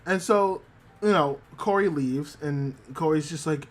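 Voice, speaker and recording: Guy streamer rambling about an anime, higher voice, acts out the lines, lots of "like". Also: measured pace. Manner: animated retelling, acts out quoted lines; many fillers, excited. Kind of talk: casual livestream recap.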